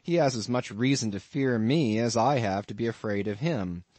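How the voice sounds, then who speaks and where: A man's voice: medium pitch, moderate pace, darkish tone, no room sound, lightly acted. A man doing a young sailor, exclaiming. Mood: wry. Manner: emphatic, exclaiming. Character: young male sailor, anxious then reasoning. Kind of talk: audiobook character voice.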